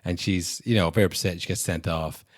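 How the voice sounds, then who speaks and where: A man's voice: deep voice, fairly even intonation, a little fast, dry recording, studio quality. A young man co-hosting a podcast in casual chat, rambling with many "you know"s and acting out short exaggerated bits. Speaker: podcast co-host.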